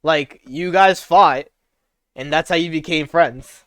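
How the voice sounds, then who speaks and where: A man's voice: on the high side, takes it slowly, a bit bright, clean tone, no room sound, studio quality. A man casually reading visual novel dialogue aloud on a live stream, chatting and laughing between lines.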